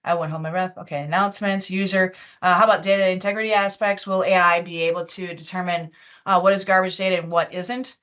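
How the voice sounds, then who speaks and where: Woman, webinar presenter, casual chatty demo, lots of fillers, lowish voice, muffled call audio. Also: fairly even intonation, quick pace, fairly bright tone. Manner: chatty, loose, with many fillers and restarts. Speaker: webinar presenter and user group organizer. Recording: dull lo-fi online meeting audio.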